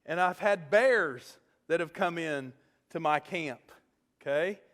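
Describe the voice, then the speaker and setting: A male pastor preaching a sermon, animated as he tells a story and often checking in with "okay?". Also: on the high side, slow pace, big-room sound.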